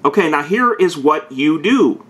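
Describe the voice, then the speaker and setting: A man vlogging, reading a text aloud in a stiff, emphatic voice and breaking off to comment in quick, casual asides. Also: a little high, expressive, a bit bright, husky. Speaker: gun video host.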